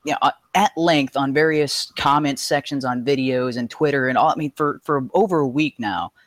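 A man calling in to a live show, talking fast and emphatically with frustration and profanity. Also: mid-range voice, a bit bright, no room sound, clean studio sound. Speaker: caller. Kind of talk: heated call-in rant.

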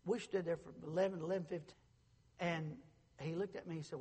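A middle-aged man preaching a sermon as pastor, moving between quiet storytelling and shouted proclamation. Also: a little high, steady tone, fairly quick, breathy edge, big-room sound.

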